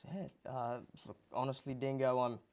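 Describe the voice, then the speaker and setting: A man's voice: medium pitch, little pitch movement, moderate pace, a little mellow, lightly acted. A man playing a flustered talk show host who stammers and turns defensive in a comedy sketch.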